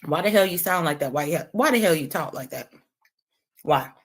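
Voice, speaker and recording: Eating a lemon on stream, this woman taunts and curses in brash, casual livestream trash talk, staying animated throughout. She speaks at a moderate pace in a low, slightly rough voice.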